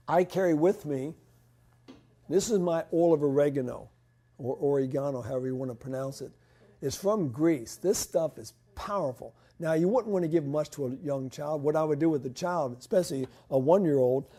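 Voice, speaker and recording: A man's voice: on the high side, warm tone. A man giving health advice as he answers audience questions, practical and loose, often stopping to restart a sentence. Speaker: health lecturer.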